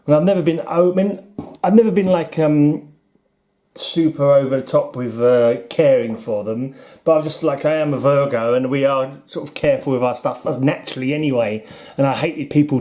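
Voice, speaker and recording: A middle-aged comic collector vlogger from the United Kingdom talks at a moderate pace in a dark, medium-pitched voice with a British English accent. Casual and rambling, he flips through his comics, chuckling and often putting himself down.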